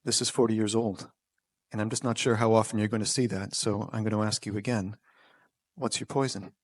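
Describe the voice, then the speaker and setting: A storyteller voicing a big, pushy Scottish coworker whose questions turn prickly, in a dry-sounding recording. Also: male voice, lowish voice, steady tone, fairly quick, no room sound, close to an everyday voice. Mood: insistent.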